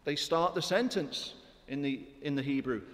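A man's voice: fairly high pitch, normal speed, a bit bright, long reverb tail. A man preaching a sermon in a church, emphatic and full of rhetorical questions to his congregation.

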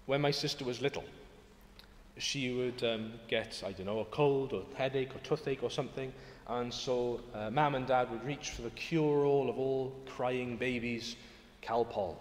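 Earnest preacher in an echoey church. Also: male voice, mid-range voice, fairly even intonation, moderate pace, a little hiss or hum. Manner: earnest, emphatic, rising to exclamations. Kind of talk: sermon. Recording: echoey hall with long reverb.

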